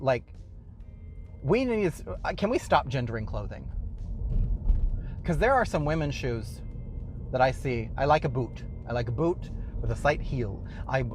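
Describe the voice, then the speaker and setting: A man's voice: mid-range voice, a little mellow. A man hosting a casual show from his car while driving, rambling with wry, exasperated asides. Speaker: host.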